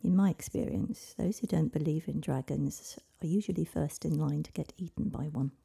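A woman's voice: low-pitched, normal speed, creaky, dark tone, breathy edge, full character voice. A woman voicing a wise old grandmother. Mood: calm.

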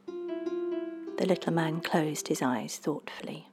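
A woman narrating a children's storybook, lively and voicing the characters. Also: low-pitched, normal speed, gravelly, music in the background. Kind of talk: storybook reading.

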